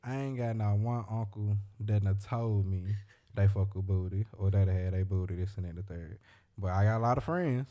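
A man's voice: on the low side, moderate pace, warm tone. A young man in casual chat as a podcast host, rambling and slangy, telling stories and repeating himself.

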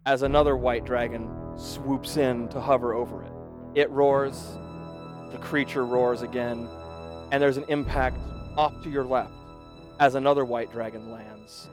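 A man's voice: medium pitch, fairly even intonation, a little slow. A man running a tabletop game as game master, narrating scenes in vivid detail. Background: background music.

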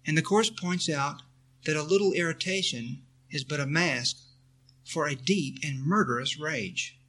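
A man's voice: a little high, measured pace, sharp tone. Earnest man giving a spiritual talk. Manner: earnest, repetitive, leads listeners in affirmations. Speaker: spiritual teacher. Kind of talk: spiritual talk answering a question.

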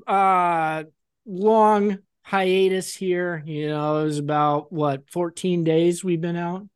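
A man's voice: sits high, steady tone, slow pace, smooth. A man co-hosting a casual podcast chat, rambling and joking and often laughing. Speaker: podcast co-host.

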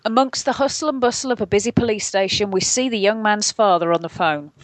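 A woman reads stage directions from a bad script in an even, deadpan way. The sound is dry and close, with little room around her. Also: medium pitch, fast, dry recording, low-quality recording. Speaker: reader in a group reading game. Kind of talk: dramatic reading of a bad script.

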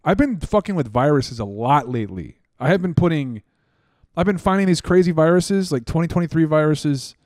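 A man hosting a podcast, telling stories in a rambling, excitable and profane way. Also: fairly high pitch, a little fast, no room sound, clean studio sound. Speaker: podcast host. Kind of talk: casual chat.

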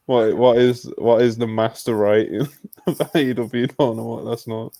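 A man's voice: medium pitch, fairly even intonation, moderate pace, dark tone, dry recording. A man hosting a casual wrestling podcast, loose and laid-back, with lots of fillers as he reads messages and asks for scores. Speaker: podcast host.

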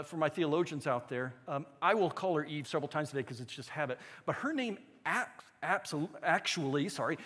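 A man's voice: a little high, husky. A man preaching a sermon as pastor, telling stories animatedly with asides to the congregation. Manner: animated storytelling with rising excitement and asides to the congregation. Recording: long church-hall reverb.

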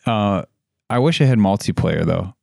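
A man's voice: on the low side, expressive, normal speed, creaky, darkish tone, no room sound, studio quality. A man hosting a casual podcast chat, rambling with fillers and frequent laughs. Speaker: podcast host.

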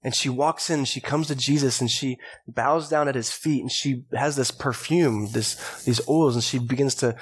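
A male pastor giving a sermon, telling stories from the Bible in a relaxed, chatty way. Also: medium pitch, normal speed, breathy edge. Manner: conversational storytelling preaching. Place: church.

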